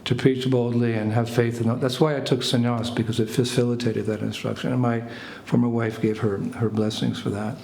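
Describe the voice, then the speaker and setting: A man's voice: medium pitch, fairly quick, vocal fry, hardly any pauses. Older american guy telling a funny story to friends, echoey room, bit of background noise. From United States. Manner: animated anecdotes, laughs, acts out French phrases. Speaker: spiritual teacher. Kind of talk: storytelling talk to a small group.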